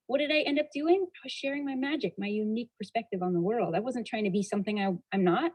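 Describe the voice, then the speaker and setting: Expressive woman telling a personal story. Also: mid-range voice, rough recording. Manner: expressive storyteller, shifting pace and loudness, laughing at herself. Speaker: motivational speaker. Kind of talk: personal storytelling talk to an audience.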